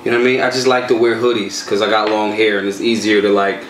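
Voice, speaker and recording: A man talks in loose, slangy, animated stories, his mid-pitched voice bouncing around a reverberant room. A soft hum of ambience sits underneath. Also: fast. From Philadelphia. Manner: animated, streetwise storytelling with slang. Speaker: guest, gun rights activist. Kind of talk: casual conversational interview.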